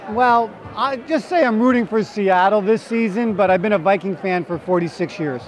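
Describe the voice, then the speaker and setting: A man's voice: high voice, normal speed. Playful man with a New Jersey accent. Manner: playful, flirty, joking. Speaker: actor guest. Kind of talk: red carpet interview. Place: outdoor red carpet event. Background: crowd chatter.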